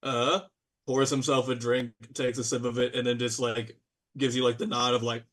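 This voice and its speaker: A man runs a tabletop game in a loose, chatty voice of ordinary pitch. He rambles through descriptions with plenty of fillers and bursts into playful cheers. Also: little pitch movement, moderate pace, a bit bright. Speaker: game master.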